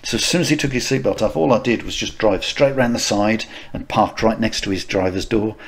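A man's voice: lowish voice, fairly quick. Man telling rambling stories. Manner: rambling anecdotes with frequent restarts and laughter. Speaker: podcast co-host. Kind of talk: casual chat, storytelling.

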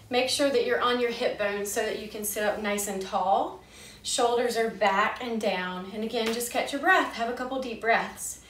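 A woman leading a gentle yoga class, giving calm, soothing cues paced with the breath. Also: on the high side, far from the mic, slight background noise. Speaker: yoga instructor. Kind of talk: gentle guided yoga instruction. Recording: echoey room, voice a bit off-mic.

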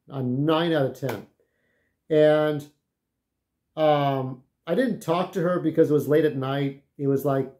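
In a mellow mid-range voice, a man vlogs his rambling, profanity-heavy stories in a casual way. He repeatedly pauses to ask his audience "okay?"

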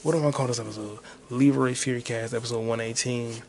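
A man with a gravelly voice hosting a solo podcast, swearing freely as he thinks aloud. His pitch is middling, and his delivery is loose, casual and unscripted. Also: steady tone, fast, a little mellow, a little hiss or hum. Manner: profane, thinking aloud while searching online. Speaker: podcast host.

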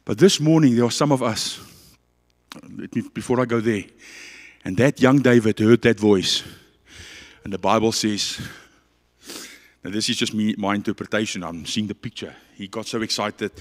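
A man with a South African accent preaching a passionate, dramatic sermon that swings between loud and quiet. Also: lowish voice, moderate pace, in a large hall.

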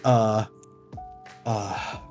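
A man appearing as a guest on a streamed roleplay, bawdy and cheeky, delivering innuendo deadpan. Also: on the low side, extremely slow, faint music behind. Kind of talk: casual comedic roleplay.

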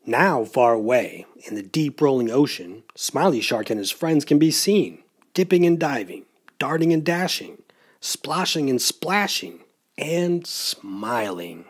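At a library storytime, a man reads a children's picture book aloud with an expressive, playful storyteller's delivery. His pitch sits in the middle, his pace is unhurried, and his voice carries a breathy edge.

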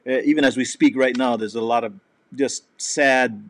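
A man's voice: medium pitch, steady tone, moderate pace, no room sound. A man hosting a casual live chat show, reading viewer comments aloud and rambling with lots of laughter. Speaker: comedy show host.

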